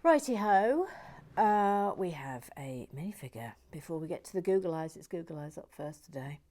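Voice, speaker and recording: A woman hosting a relaxing build video, chatting softly through viewer comments, often dropping to a near whisper, with playful, gently silly asides. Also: on the low side, very animated, normal speed. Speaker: host of a relaxing build channel.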